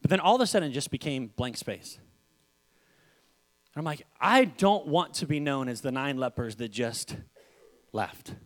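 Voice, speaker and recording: A young man preaching a sermon, acting out stories with sudden shouts and repeated words. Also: mid-range voice, lively intonation, moderate pace, long pauses. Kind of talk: animated sermon storytelling.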